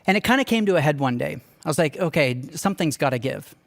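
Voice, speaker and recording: Young male church staff speaker, slightly high voice; earnest, candid, conversational storyteller. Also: lively intonation, fast, vocal fry. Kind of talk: personal storytelling talk.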